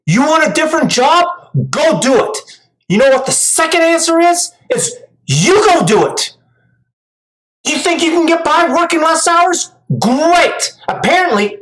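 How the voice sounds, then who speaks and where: Ranting high-voiced woman commentator. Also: poor audio. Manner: ranting, profane, scolding. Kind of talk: angry reaction commentary.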